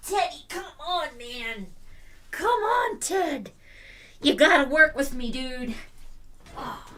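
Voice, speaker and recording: A woman hosting a casual livestream, cooing and baby-talking to her puppy and laughing often. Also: medium pitch. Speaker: livestream host.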